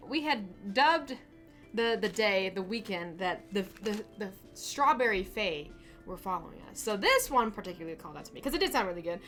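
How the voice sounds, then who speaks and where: A woman with a mid-range, fairly bright voice hosts a casual livestream from her small home studio. She chats in a rambling way, often restarting and laughing, picked up by a desk camera mic.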